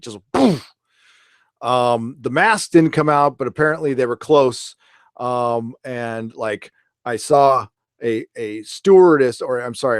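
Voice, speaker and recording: A man's voice: medium pitch, no echo, clean studio sound. A man hosting a casual pop culture livestream, talking in a rambling, chatty way and cursing freely. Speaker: pop culture show host.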